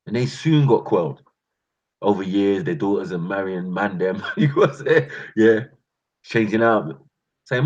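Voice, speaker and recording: Husky london guy yarning, slangy, lots of laughs, kinda low voice, dull lo-fi audio. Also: normal speed. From North London. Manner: laughing, slangy, animated storytelling. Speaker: channel host. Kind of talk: casual storytelling monologue. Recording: dull lo-fi recording.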